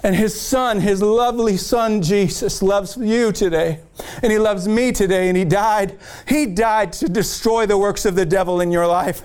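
Man preaching, fiery sermon, high-pitched voice, emphatic, fired up, middle-aged. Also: moderate pace, darkish tone, clean tone.

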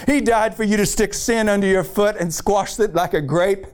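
A man's voice: high voice, moderate pace, smooth. A middle-aged man preaching a fiery sermon, emphatic and fired up.

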